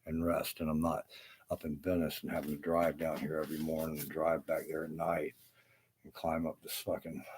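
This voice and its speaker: Against a little hiss or hum, a man with an extremely low, slightly mellow voice rants to camera. He's a carpenter, and his casual talk is profane, bitter and rambling, packed with restarts and asides.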